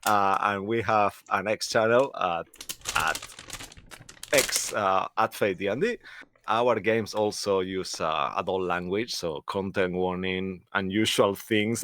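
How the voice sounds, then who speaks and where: A man's voice: low voice, a little slow, fairly bright tone. A man from Spain with a Spanish accent, reading show announcements in casual podcast banter and laughing at himself. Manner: laughs through his lines, self-mocking.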